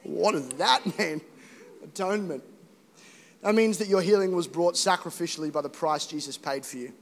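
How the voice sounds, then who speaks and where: Young male pastor, high voice, jokey then fervent sermon, long church-hall reverb. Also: normal speed. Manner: animated, joking, rising to emphatic exhortation. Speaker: preacher. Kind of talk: energetic sermon.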